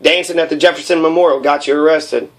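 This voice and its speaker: A man's voice: on the high side, fairly even intonation, fast talker, a bit bright. A young man delivering a heated, profane political rant, rambling with many fillers.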